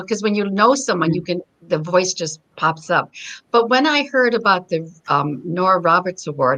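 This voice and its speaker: A woman's voice: on the low side, fairly bright tone, low-quality recording. A woman co-hosting a casual video chat, talking in a thoughtful, reflective way. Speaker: co-host.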